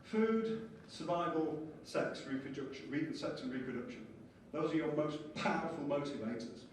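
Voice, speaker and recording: A man giving a lively conference lecture and explaining ideas with small acted-out scenes. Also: a little high, moderate pace, a little hiss or hum. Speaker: conference speaker. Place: conference hall. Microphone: distant from the mic. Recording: echoey hall from far off, faint ambience.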